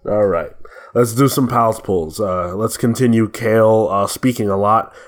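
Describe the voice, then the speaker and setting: A man's voice: lowish voice, measured pace. A man co-hosting a comics podcast in casual chat, joking and mock-exasperated with his co-hosts. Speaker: podcast co-host.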